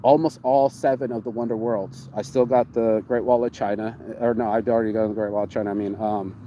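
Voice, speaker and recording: A man hosting a casual chat, telling his travel stories in an excitable, profane way and repeating words for emphasis. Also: lowish voice, brisk, lo-fi sound, a little hiss or hum. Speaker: show host.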